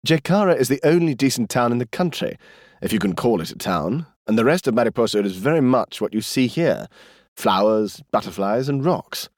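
A man's voice: mid-range voice, animated, fairly quick, no room sound, close to an everyday voice. A man voicing a weary fifty-five-year-old diplomat in an audiobook, speaking dryly and patiently. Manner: dry, patient, protesting. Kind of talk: audiobook character voice.

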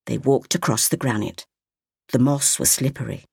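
A woman reading a story aloud, slowly and expressively. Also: very deep voice, vocal fry, darkish tone, slightly rough, dry recording, studio quality. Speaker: narrator.

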